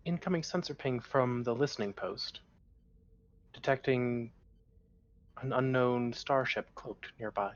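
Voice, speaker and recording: A man running a tabletop game as game master, reading sensor reports in a flat clipped way. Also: medium pitch, a little slow, long pauses, dull audio.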